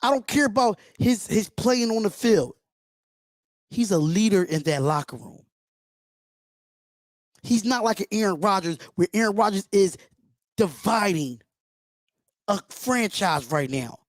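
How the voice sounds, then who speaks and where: A man hosts an emotional fan reaction livestream in a high, expressive voice, taking a measured pace with long pauses while swearing freely and speaking bluntly with passion. The recording is dry and studio quality.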